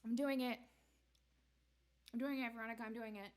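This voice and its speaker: A woman's voice: on the high side, steady tone, a little fast. A woman hosting a live-streamed variety show, chatting casually and bantering in a rambling way.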